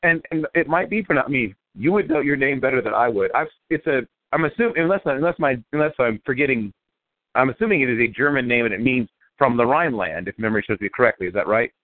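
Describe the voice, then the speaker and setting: A man's voice: medium pitch, expressive, fast talker, dry recording. A male radio host interviewing football prospects, asking long, winding questions that restart often. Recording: phone-line call.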